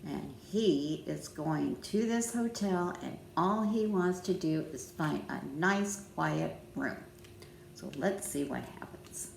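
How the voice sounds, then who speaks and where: A woman reads a children's picture book aloud in a playful, gentle way, asking young listeners to join in. Her lively voice swoops up and down with a slight gravelly edge. The room around her is echoey. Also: deep voice, slow, noisy background. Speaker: storyteller reading to children.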